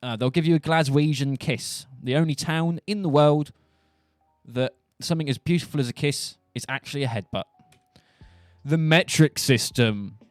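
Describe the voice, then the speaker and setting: Soft music plays in the background as a young male streamer from England jokes and wanders through a casual monologue. His pitch sits on the high side and his speed is normal, with a Buckinghamshire take on the Southern English accent. The sound is dry.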